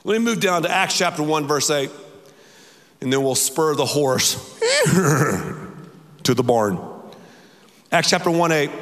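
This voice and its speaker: Male pastor, bright high voice, emphatic and repetitive, big hall reverb. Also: a little slow, pauses often. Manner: emphatic, repetitive preaching, leads the congregation in call-and-response. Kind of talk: sermon.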